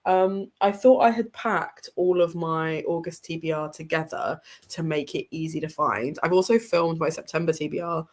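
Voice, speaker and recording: Woman, young adult, stuffy congested voice, rambling casual livestream chat, slightly low pitch. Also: normal speed, hardly any pauses, a little mellow. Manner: rambling, chatty, many ums and little laughs. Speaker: reading livestream host. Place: home room with bookshelves behind her.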